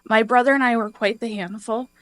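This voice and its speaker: A woman's voice: on the high side, steady tone, a little fast. A woman from the congregation reads a prepared personal tribute from the front of the church, earnest and emotional. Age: adult. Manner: earnest, emotional, tearful at times. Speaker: congregation member giving a tribute. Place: church sanctuary.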